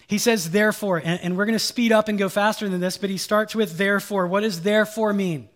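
A male pastor preaching a sermon with a somewhat high voice. He leans on key phrases and says them twice, and he drops folksy asides. He keeps firing questions at the congregation. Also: steady tone, fairly quick. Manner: emphatic, repeats key lines, quizzes the congregation.

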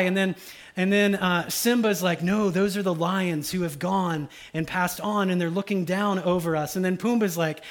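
High-voiced man preaching. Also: fairly even intonation, normal speed. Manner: casual, conversational preaching with many asides; acts out voices of the people in his stories. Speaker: pastor. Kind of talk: sermon.

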